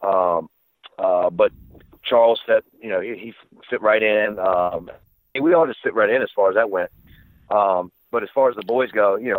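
A man's voice: lowish voice, no echo. A man guesting on an interview, telling backstage stories in a candid, casual way, with plenty of fillers and swearing. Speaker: wrestling referee guest. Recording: tinny phone-line sound.

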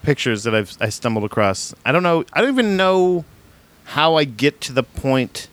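A man's voice: mid-range voice, expressive, moderate pace, a bit bright. A man co-hosting a podcast in casual chat, rambling and joking, laughing often as he talks. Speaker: podcast co-host.

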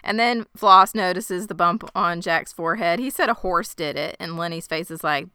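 A woman's voice: on the low side, normal speed, hardly any pauses, clean tone, no echo, studio quality. A young woman co-hosting a casual chat, recapping a story and acting out characters' lines with lots of laughter. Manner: animated, acts out characters' lines, laughs often. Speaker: podcast co-host recapping a game.

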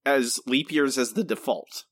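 A man's voice: medium pitch, a little slow, a bit bright, no echo. A man co-hosting a podcast in casual, chatty talk, often laughing. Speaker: podcast co-host. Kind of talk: casual chat.

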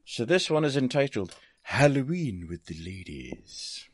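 A man's voice: medium pitch, big pitch swings, measured pace, no echo, clean studio sound. A Scottish man chatting casually on a podcast, laughing often and swearing in a self-deprecating way. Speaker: podcast guest presenter. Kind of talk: casual chat.

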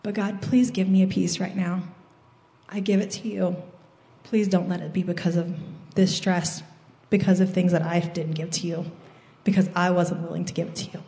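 A woman's voice: on the low side, flat delivery, moderate pace, dark tone, roomy sound. A woman giving an earnest personal testimony in church, telling her story and quoting her own prayers.

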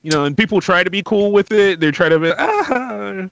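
A man's voice: sits high, fast, a bit bright, muffled recording. A man who is a guest on a podcast, retelling annoying encounters with a mocking, exasperated manner. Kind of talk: casual chat.

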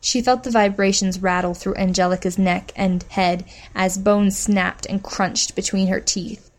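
An audiobook narrator, a woman with a typical middle pitch, reads a scripted story at a steady, measured pace. She delivers the action plainly and evenly.

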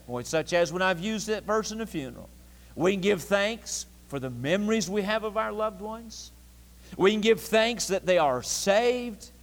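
A man preaches an evening sermon in a high, ringing voice, hammering phrases home again and again. His words echo with a long tail through a large church sanctuary. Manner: emphatic, repetitive preaching cadence.

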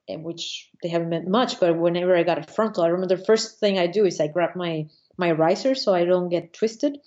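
Laughing woman telling flying stories. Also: lowish voice. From Venezuela. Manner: animated, laughs often, many restarts. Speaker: paraglider pilot guest. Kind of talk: casual interview storytelling. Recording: slightly dull lo-fi audio.

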